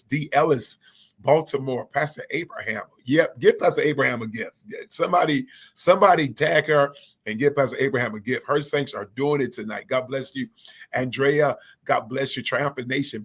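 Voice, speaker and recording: A man's voice: mid-range voice, a bit bright, slightly rough. A man hosting a church organization's live online chat, energetically calling out viewers by name and blessing them. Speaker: livestream host of a church organization. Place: Indianapolis.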